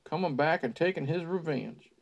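A man's voice: a little high, normal speed, gravelly, lo-fi sound. A man reading aloud and voicing a folksy, ominous older gas station owner with a drawling manner. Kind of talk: read-aloud character voice.

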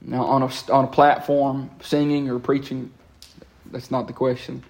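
A man, preaching a lively sermon in a church and breaking into quick asides and repeated words. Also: medium pitch, creaky. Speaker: pastor. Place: church sanctuary.

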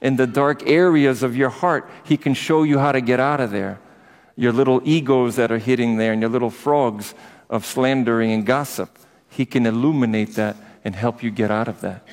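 A man's voice: mid-range voice, moderate pace, a little mellow. Man preaching a chatty sermon in a reverberant church. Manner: conversational, personal asides to the congregation. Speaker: priest. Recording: echoey church with long reverb.

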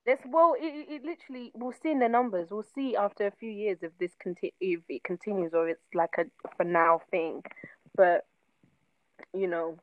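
A woman's voice: mid-range voice, no room sound. Chatty woman podcast co-host. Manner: chatty, quick to laugh. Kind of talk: casual chat. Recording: muffled lo-fi podcast audio.

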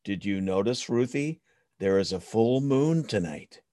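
A man voicing a calm, gentle father rabbit in a storybook, speaking patiently and reassuringly. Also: on the low side, a little slow, no room sound.

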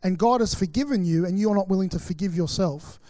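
Middle-aged Australian pastor, high-pitched, anecdotal preacher who acts out his quotes, dry close sound. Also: brisk, warm tone, dry recording. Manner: chatty storytelling, acts out quotes, many fillers. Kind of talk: sermon with personal stories.

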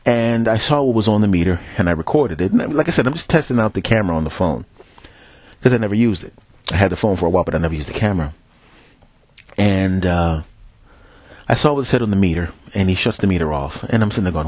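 A man's voice: on the low side, lively intonation, brisk, darkish tone, husky, no echo. A man from Philadelphia hosting a podcast, telling a profane, rambling story in a casual monologue while walking down a city street and talking into a headset mic. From Philadelphia, USA. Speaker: podcast host.

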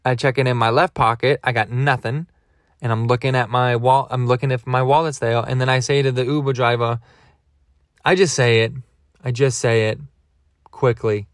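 Recorded dry at studio quality, a podcast host tells a comic story, rambling, digressing and poking fun at himself. His mid-range voice keeps a fairly even intonation at a normal speed.

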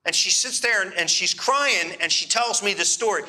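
A pastor telling a travel story in a sermon, animated and checking in with the congregation. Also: male voice, sits high, moderate pace. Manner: animated, asks the crowd for responses. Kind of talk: sermon storytelling to a live audience.

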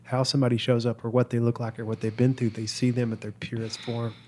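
A man co-hosts a relaxed podcast conversation in an ordinary mid-range voice. He tells a personal story reflectively, pausing and restarting his sentences as he works through his thoughts. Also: medium pitch. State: father of a toddler. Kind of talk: casual conversation.

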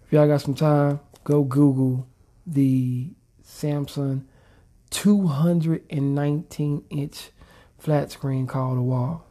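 A woman's voice: deep voice, fairly even intonation, takes it slowly, warm tone. A woman co-hosting a casual podcast, talking in a laid-back, slangy way. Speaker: podcast co-host.

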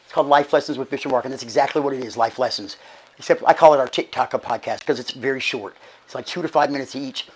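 In a church sanctuary, a middle-aged man serving as archbishop makes casual announcements, chatty and folksy, stopping and restarting haltingly. His mid-range voice sounds hoarse and breathless on a rough recording.

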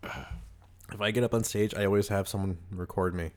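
A young US podcast host talks at a moderate pace in a fairly low, darkish voice with fairly even intonation. His casual chat is loose and rambling, crowded with fillers, "like"s and restarts.

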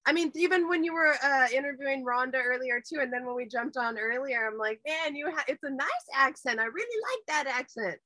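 A woman's voice: sits high, brisk, few pauses, bright, forceful tone, no room sound. A woman from California hosting a casual livestream chat, enthusiastic as she reads out viewer questions. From Santa Cruz, California. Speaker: host.

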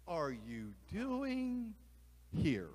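A man's voice: on the high side, huge pitch swings, very slow, darkish tone, pitched below the performer's own voice, exaggerated voice. A man voicing a wise male owl who counsels a lost eagle, urging him emphatically. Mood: urgent. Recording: long hall reverb.

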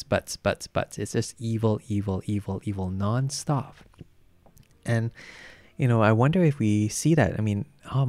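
A man preaching a sermon in a relaxed, conversational way, with stories and frequent fillers. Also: on the low side, no room sound.

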